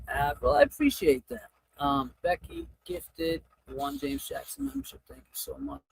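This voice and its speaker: A man's voice: sits high, normal speed, creaky, breathy edge, no echo, poor audio. A man hosting a casual livestream, reading out super chats and thanking viewers by name, stressed and overwhelmed. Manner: animated, thanking viewers one by one. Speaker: livestream host.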